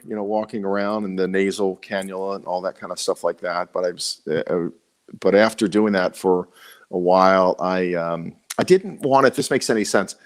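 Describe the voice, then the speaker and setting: Tired, halting Baltimore man co-hosting. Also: low voice. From Baltimore, USA. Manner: halting, restarts often, earnest. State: tired after illness. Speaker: co-host. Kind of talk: casual live show chat.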